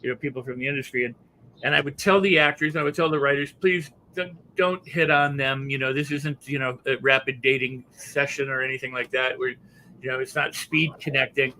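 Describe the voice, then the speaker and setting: A man hosting a casual interview show, talking in a reflective, conversational way with halting restarts. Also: mid-range voice, steady tone, sharp tone, a little hiss or hum, low-quality recording. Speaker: host.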